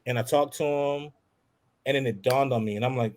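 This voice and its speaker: A man telling a childhood story as a podcast guest, animated, acting out the voices of people in it. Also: medium pitch, quick pace. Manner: animated, acts out quoted voices. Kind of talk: casual storytelling.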